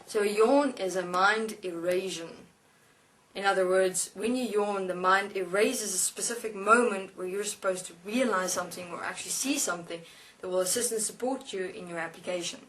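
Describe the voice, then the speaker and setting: A woman lectures in a slow, deliberate way, pausing and restarting as she instructs. Her pitch sits in a middle range. The mic is some distance from her, which gives the voice a distant sound. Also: a bit bright, slight background noise. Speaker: speaker channeling a spirit being. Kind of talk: spiritual lecture.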